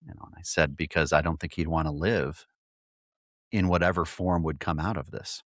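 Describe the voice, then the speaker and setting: A man hosting a podcast, telling a long personal story with halting restarts and repeated words. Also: rumbling low, steady tone, fairly bright tone, no echo, studio quality. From California. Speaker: podcast host.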